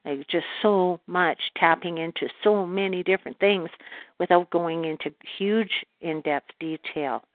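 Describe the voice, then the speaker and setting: A woman from Canada, speaking as a guest in a calm channeled voice that refers to herself in the third person. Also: fairly low pitch, a little slow, dry recording. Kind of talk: channeled spiritual talk. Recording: phone-like call audio.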